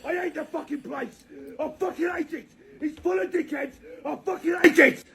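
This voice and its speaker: A man in a played video clip, ranting and shouting with constant swearing. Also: very high-pitched, normal speed, gravelly.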